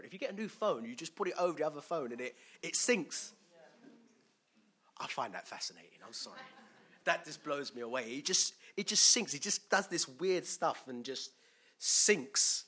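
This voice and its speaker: With a mid-range voice that's pushed, bright and slightly rough, a man delivers a conversational sermon. He chats, puts questions to the crowd, and chuckles often.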